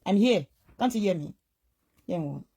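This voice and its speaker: A woman's voice: fairly low pitch, animated, moderate pace, dark tone, husky. A woman giving gossip commentary, pointed and questioning, switching between Yoruba and English.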